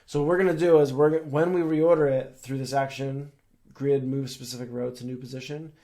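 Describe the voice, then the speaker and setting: A man's voice: medium pitch, steady tone, fairly quick, dark tone. Casual man walking through a coding tutorial. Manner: casual, explains step by step with fillers. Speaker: software tutorial presenter. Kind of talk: screen-share coding tutorial.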